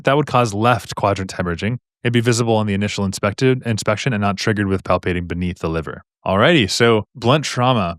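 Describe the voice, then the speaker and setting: A man with a fairly low voice walks through medical exam questions in a live stream. He talks in a casual, upbeat way, repeats himself for emphasis and throws in slangy asides. He sounds close and dry, with no room around him. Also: dry recording.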